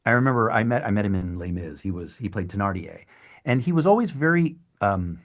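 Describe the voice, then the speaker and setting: A man's voice: fairly low pitch, brisk. A middle-aged man from Canada, a guest actor telling stories in a casual interview and acting out what people said. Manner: animated storyteller, acts out quotes.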